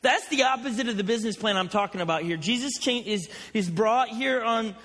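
A man with a very high, bright voice preaches a sermon, rambling through joking personal stories. His voice rings out in a large hall with a long reverb tail. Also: a little fast. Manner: chatty, joking storyteller. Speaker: pastor.

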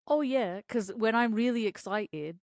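A woman co-hosting a podcast in casual chat, expressive, swearing and laughing a lot. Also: on the high side, a little slow, no echo, studio quality. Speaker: podcast co-host, parent of three.

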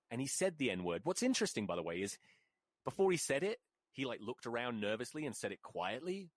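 A man hosting a solo podcast, telling stories in a profane, animated ranting way. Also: mid-range voice, brisk, no room sound. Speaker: podcast host.

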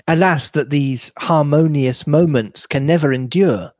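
A man reading a novel aloud in a measured, steady manner. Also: a little high, dry recording, clean studio sound. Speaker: reader.

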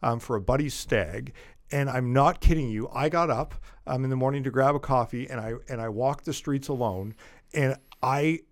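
A man with a mid-pitched voice, recorded close and dry, talks on a podcast. He fills his sentences with ums and gets worked up as he argues. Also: normal speed, no echo. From Canada. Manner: animated, many fillers, rises when indignant. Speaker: podcast co-host. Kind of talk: casual political chat.

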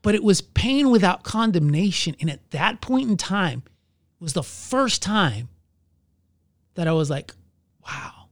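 A man who is a pastor, telling his own story in an earnest, halting way and searching for his words. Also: sits high, big pitch swings, no echo. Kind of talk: candid personal testimony in conversation.

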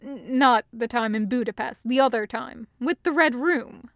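A woman's voice: a little high, moderate pace, creaky, dry recording, clean studio sound. A woman voicing a distracted, worked-up man in an audiobook reading, in an earnest, preoccupied way.

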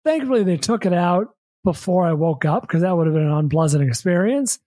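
An American man, a podcast host, telling a long story in casual chat, rambling and repeating words, acting out quick quotes. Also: sits high, expressive, dark tone, no echo.

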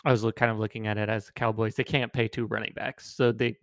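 Gravelly, playful man on a podcast. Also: fairly low pitch, little pitch movement, fast, dry recording, studio quality. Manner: playful, goofy, pushes bits. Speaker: podcast co-host. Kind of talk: casual sports podcast chat.

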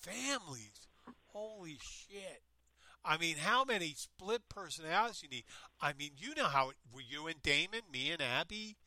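Rambling male co-host, bright tense voice, dry close sound, casual chat. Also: fairly high pitch, moderate pace, dry recording. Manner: meandering, self-interrupting, animated retelling.

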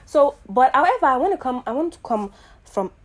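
A woman from Nigeria hosting her own show, talking in a casual, earnest and reflective monologue full of fillers and pauses. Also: high-pitched, big pitch swings. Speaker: podcast host.

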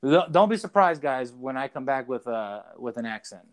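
This podcast co-host, phoning in from away from home, is an animated, loose storyteller who swears and leans on fillers as he rambles through casual chat. His mid-range voice moves at a moderate pace, with a little hiss or hum in the audio.

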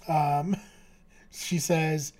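A man's voice: fairly high pitch, little pitch movement, drawn-out words, darkish tone. A man co-hosting a podcast, casually recapping a TV episode, chatty, with lots of fillers and frequent laughter. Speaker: podcast co-host.

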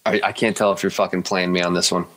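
A man's voice: sits low, fast. A man co-hosting a casual chat, laughing often and swearing freely as he jokes with friends. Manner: animated, laughing, profane banter.

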